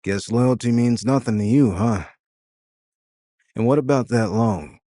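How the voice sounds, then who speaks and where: A man's voice: mid-range voice, unhurried, no room sound, studio quality, close to an everyday voice. A man playing a sad, reproachful friend. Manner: reproachful, quiet. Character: sad let-down male friend. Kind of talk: audio drama narration.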